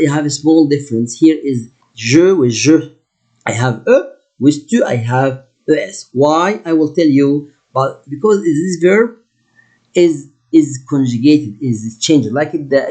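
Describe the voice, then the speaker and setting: Husky teacher slowly spelling out French. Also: male voice, on the high side, darkish tone. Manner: slow deliberate repetition of French words, halting English. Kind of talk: classroom lesson explanation.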